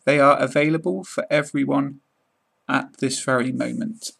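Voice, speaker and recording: A man with a British accent teaching pronunciation in a podcast lesson, speaking slowly and carefully and saying each word twice. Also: medium pitch, fairly even intonation, creaky, fairly bright tone. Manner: slow, careful, deliberate enunciation, each word repeated.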